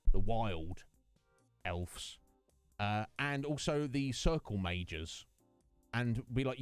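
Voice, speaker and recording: Rambly game streamer guy, mid pitch, dry close sound, faint music behind. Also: no room sound. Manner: rambling, chatty, greets viewers by name. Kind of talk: casual chat with live stream viewers.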